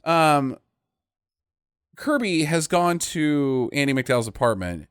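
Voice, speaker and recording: A man's voice: fairly high pitch, animated, a little slow, a bit bright, clear, resonant tone, dry recording, studio quality. A man in casual podcast chat who recaps a film sarcastically, swears freely, and acts out the characters' lines with exaggerated voices. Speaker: podcast co-host.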